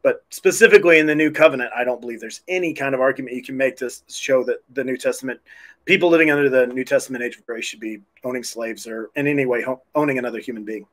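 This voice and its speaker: A man's voice: medium pitch, fast, fairly bright tone. A man defending his faith in an online debate, earnest and plain-spoken with some restarts. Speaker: Christian podcast host.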